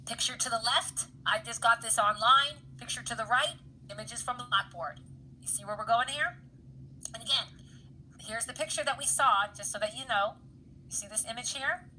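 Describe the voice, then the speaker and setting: A woman's voice: fairly high pitch, normal speed, bright, forceful tone, a little hiss or hum, poor audio. Chatty woman teaching an anatomy lab. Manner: chatty, keeps checking in with "right, guys?"; laughs easily at her own jokes. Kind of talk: casual lecture over slides.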